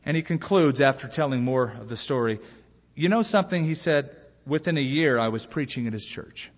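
A male pastor preaching a sermon in a lively way, acting out bits of dialogue between points. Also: medium pitch, a little fast. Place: church sanctuary. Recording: muffled live recording in a reverberant hall.

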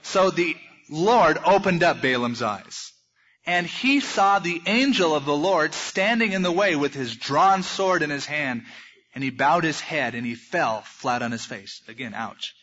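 Male preacher, folksy storyteller with jokes, higher voice, dull lo-fi sound. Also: expressive, unhurried, a bit bright. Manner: folksy storytelling with humorous asides. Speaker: pastor. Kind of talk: sermon.

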